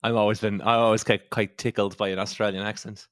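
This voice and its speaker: A man's voice: on the low side, level tone, fast, fairly bright tone, no room sound, clean studio sound. A man talking as a podcast guest in casual chat, wry and self-deprecating, swearing casually.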